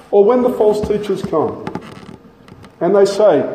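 Slow emphatic preacher in a hall. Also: male voice, high-pitched, sing-song, warm tone, slight background noise. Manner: emphatic, slows and repeats key phrases. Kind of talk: sermon. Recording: echoey hall from a distance.

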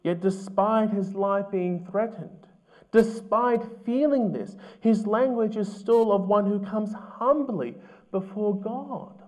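A man preaching a sermon as pastor, earnest and measured, asking his listeners questions. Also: sits high, a little mellow.

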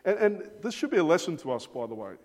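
A man's voice: high voice, very animated, quick pace, a little mellow. A man preaching an expository sermon, emphatic and given to repeating words as he starts phrases. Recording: long reverb of a large hall.

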